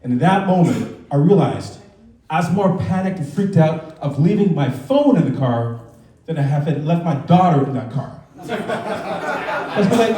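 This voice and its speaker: A man's voice: on the high side, sing-song, normal speed, warm tone. A man in his thirties doing a loose, conversational stand-up set on a comedy club stage, acting out voices, with audience laughter behind him. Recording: roomy club sound from far off.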